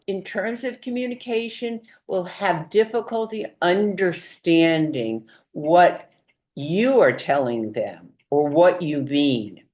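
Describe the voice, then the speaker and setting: A woman with a fairly low voice teaches caregivers, talking very slowly and deliberately. She fills pauses with frequent ums and walks through everyday examples step by step, in the manner of a practical training session. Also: a little mellow. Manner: unhurried, explains with many examples and frequent ums. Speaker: dementia care trainer for home health aides. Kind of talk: instructional training talk.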